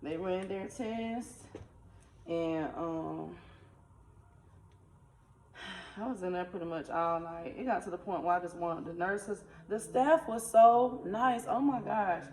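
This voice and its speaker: A woman, telling a personal faith testimony in a casual, animated, conversational way. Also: fairly low pitch, slow, pauses often. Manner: animated, conversational, uses dialect. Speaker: spiritual vlogger. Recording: echoey room, faint ambient noise.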